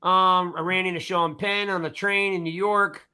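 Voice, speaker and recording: Bright, high-voiced animated male storyteller. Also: normal speed, clean tone. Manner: animated storyteller, acts out voices, repeats "I'm like" and "right?". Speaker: podcast co-host. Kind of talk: casual storytelling chat.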